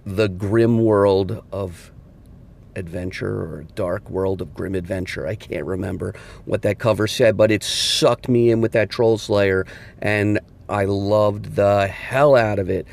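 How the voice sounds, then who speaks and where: A man's voice: lowish voice, fairly even intonation, measured pace, creaky, a little mellow. A man leaving a casual, enthusiastic voicemail call-in to a podcast. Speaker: caller.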